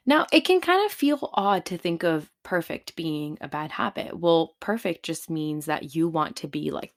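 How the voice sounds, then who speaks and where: A woman's voice: sits low, no echo, clean studio sound. A woman hosting her own podcast, talking casually and affectionately to listeners, calling them baby and honey, with frequent fillers and tag questions. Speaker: podcast host. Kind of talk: casual solo podcast talk.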